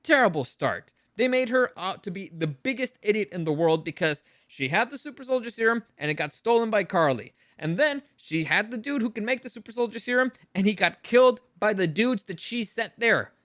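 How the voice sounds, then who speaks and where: A man delivering a ranting review, sarcastic and fed up, with frequent swearing. His voice sits fairly high and sounds bright and forceful. The recording is close and dry. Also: animated, fairly quick, few pauses, no echo. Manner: exasperated, sarcastic, swears freely.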